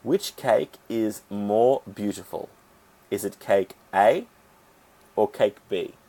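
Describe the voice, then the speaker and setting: In an English grammar lesson, a male teacher breaks down the rules one step at a time and carefully sounds out each syllable. His voice is lowish and warm.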